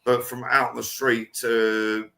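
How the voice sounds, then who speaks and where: A man talks in loose, rambling conversation as a podcast co-host. His tone is bright and forceful. He often restarts his sentences. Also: medium pitch, flat delivery, measured pace, gravelly. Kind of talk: casual chat.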